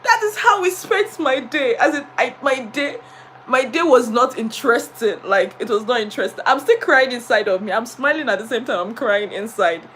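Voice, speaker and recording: Bright, high Nigerian woman telling stories. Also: normal speed, slight background noise. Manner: animated, dramatic storyteller who laughs through her words. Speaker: teacher and vlogger. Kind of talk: casual storytelling live stream.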